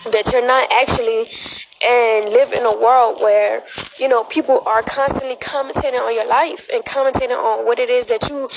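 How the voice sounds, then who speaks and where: A woman's voice: fairly high pitch, background noise. A young adult woman crying as she speaks on a phone livestream, emphatic and defiant, repeating herself. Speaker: social media livestreamer. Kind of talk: emotional livestream monologue.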